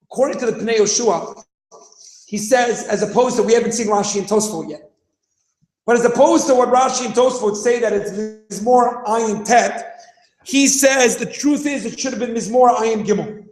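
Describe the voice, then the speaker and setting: Man in his thirties, very high voice, animated teacher, rhetorical questions, echoey classroom. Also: moderate pace, slight background noise. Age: 30s. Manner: asks rhetorical questions, acts out scenes, shouts for emphasis.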